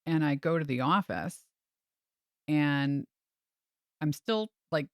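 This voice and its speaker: A woman's voice: deep voice, takes it slowly, dry recording, clean studio sound. A woman who works as a realtor, telling a story in a casual chat and acting out the people she quotes. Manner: animated, acts out quoted voices. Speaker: realtor and podcast host.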